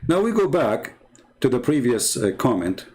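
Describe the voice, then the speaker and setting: A man's voice: medium pitch, very animated, moderate pace, darkish tone. A man hosting an online commentary show, speaking in a mocking, argumentative way. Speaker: host.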